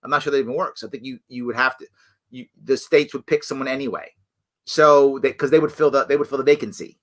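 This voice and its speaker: A man hosting a live ask-me-anything stream, talking casually with many restarts and jumping up in pitch when he acts out other people. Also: brisk. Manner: animated, acts out quoted voices with big jumps in pitch; frequent restarts and self-corrections. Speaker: host answering live chat questions.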